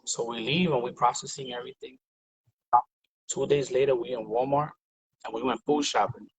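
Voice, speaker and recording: Husky man telling a story. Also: medium pitch, normal speed, dry recording, rough recording. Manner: animated, profane, conversational. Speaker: interview guest. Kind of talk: casual storytelling on a livestream.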